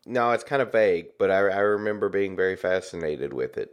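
A very low-voiced man co-hosting a casual podcast. He is easygoing and a bit hesitant, and he stumbles and restarts as he finds his words. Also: expressive, a little fast. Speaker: podcast co-host.

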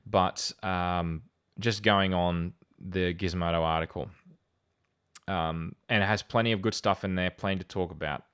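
A man's voice: sits low, fairly even intonation, measured pace, fairly bright tone, clear, resonant tone. A man hosting a casual podcast, reading out excerpts with wry, dry sarcasm. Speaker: podcast host.

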